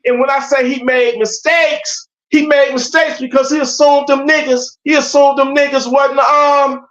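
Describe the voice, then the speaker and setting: A man's voice: very high-pitched, level tone, moderate pace, a bit bright. A man talking as a podcast guest, telling a story in an emphatic, profane way. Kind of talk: casual podcast conversation. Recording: dull lo-fi audio.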